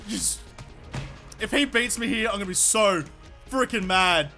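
A young man commentating a brawling game, loud and excitable, yelling and swearing a lot. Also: sits high, moderate pace, vocal fry, pauses often, faint music behind. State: sore throat from yelling. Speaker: gaming YouTuber. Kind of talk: let's play commentary. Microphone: desk microphone.

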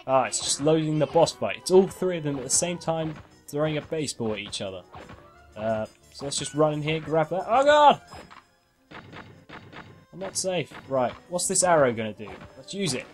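A man's voice: on the high side, lively intonation, a little fast, darkish tone, faint music behind. A man hosting a game walkthrough in casual gameplay commentary, chatty and self-mocking, laughing often.

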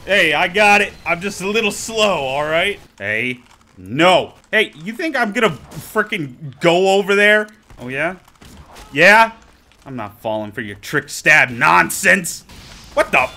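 A man's voice: high-pitched, very animated, a little slow, pushed and bright. A man giving joking, exclaiming running commentary over his own gameplay. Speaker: gaming video creator.

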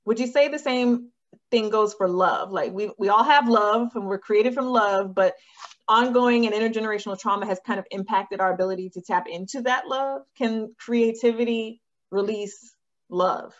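A woman's voice: mid-range voice, moderate pace, muffled recording. A woman interviewing a guest, thinking aloud and restarting her questions as she goes.

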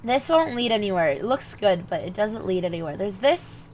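A young woman with a mid-range voice plays chess online at a normal speed, thinking aloud as slight background noise sits underneath. Her muttered lines alternate with spirited chat directed at her viewers.

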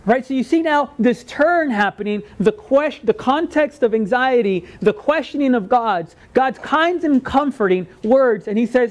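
A male pastor preaching a sermon in a conversational way, often asking "right?" and acting out quoted words in lively voices. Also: very high-pitched, moderate pace, few pauses, muffled recording.

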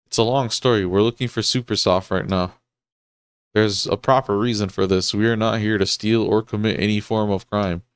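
A man's voice: on the low side, steady tone, normal speed, smooth, no room sound, studio quality, close to an everyday voice. A man voicing a polite, earnest young princess in a raised voice, with faint game music behind him.

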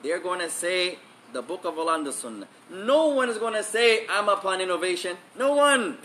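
This male Islamic teacher speaks fairly quickly in a high, sharp-toned voice during a religious lesson. Emphatic and repetitive, he returns to key phrases and alternates English with Arabic recitation, over faint background noise.

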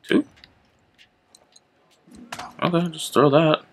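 A young man hosting his gaming channel, chatting casually and reacting out loud to the game as he plays. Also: a little high, steady tone, very slow. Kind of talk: casual gameplay commentary.

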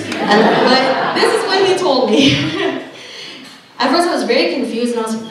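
A woman's voice: high-pitched, animated, a little slow. Young woman giving a heartfelt testimony from a stage, caught from far off in a reverberant hall. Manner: earnest storytelling with laughs and acted-out dialogue. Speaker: camp speaker. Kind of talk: personal testimony message. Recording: echoey hall from far off, noisy.

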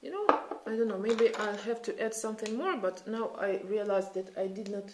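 A beauty vlogger in her thirties, a woman with a Russian accent, talks a little fast in a mid-range voice while chatting and thinking aloud over a casual makeup tutorial. The echoey room recording carries heavy background noise.

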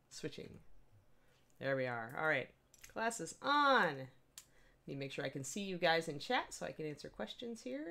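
Low-voiced chatty woman streaming a tutorial. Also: creaky, fairly bright tone. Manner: chatty, greets chat viewers by name, upbeat. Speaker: miniature painting instructor, stream host. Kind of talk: casual live-stream tutorial.

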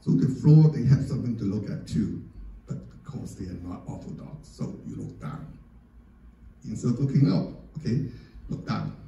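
Guy teaching architecture off slides, lots of you know and okay, dark mellow voice, super echoey room, mic way back. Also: on the low side, lively intonation, normal speed, creaky, far from the mic, muffled recording, slight background noise. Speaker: architecture lecturer. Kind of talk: informal lecture with slides. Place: church hall or lecture room.

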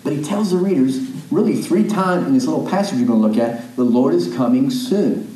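A man's voice: on the high side, lively intonation, brisk, mellow, roomy sound, rough recording. A man preaching a sermon as a pastor, reading scripture aloud and explaining it plainly, with small restarts and asides. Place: church sanctuary.

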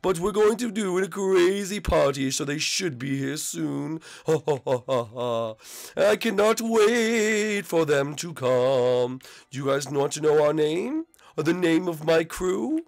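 Man putting on a slow, sly cartoon ghost boy. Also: fairly high pitch, lively intonation, gravelly. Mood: gleeful scheming. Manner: slow drawn-out sing-song. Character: sneaky young male ghost, childish and scheming.

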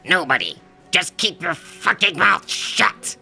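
A man's voice: high-pitched, sing-song, takes it slowly, gravelly, bright, forceful tone, breathy edge, faint music behind, pitched above the performer's own voice, heavily acted. A man voicing a violent, foul-mouthed producer over a hundred years old who screams threats in a shrieking, strained voice. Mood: menacing.

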